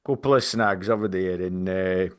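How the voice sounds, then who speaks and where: A man's voice: sits low, normal speed, smooth, close to an everyday voice. A man putting on a broad Yorkshire bloke with a Yorkshire accent, telling a tall tale in dialect. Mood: jolly.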